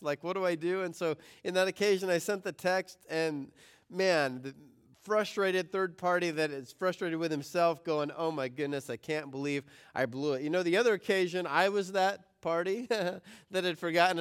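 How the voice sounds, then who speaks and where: A man's voice: sits high, clear, resonant tone. A male pastor giving a conversational sermon to his congregation, mixing family stories with scripture. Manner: conversational preaching with anecdotes. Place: church room with congregation. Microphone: forgot microphone, picked up by room audio.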